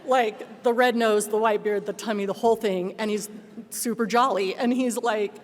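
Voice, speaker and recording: A middle-aged woman giving a personal testimony speech as a guest speaker, telling her story in a lively way and acting out what others said. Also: medium pitch, moderate pace. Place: large banquet hall. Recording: long hall reverb.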